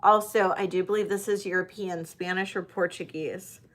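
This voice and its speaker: A woman's voice: lowish voice, steady tone, moderate pace. A woman selling jewelry in a live-stream auction, chatty and hesitant with many fillers. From United States.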